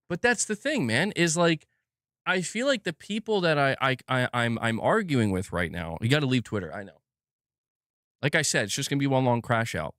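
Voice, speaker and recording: A man hosting a gaming livestream, ranting in an excitable, self-mocking way and swearing often, restarting his words as he gets worked up. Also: medium pitch, moderate pace, no echo, clean studio sound. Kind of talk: live commentary rant. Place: indoor room at home.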